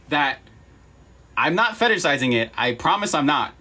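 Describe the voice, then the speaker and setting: Earnest man, slightly high voice. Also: sing-song, normal speed, pauses often, sharp tone. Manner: emphatic, repeats himself, apologetic. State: close to tears. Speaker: livestreamer. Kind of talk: earnest livestream monologue.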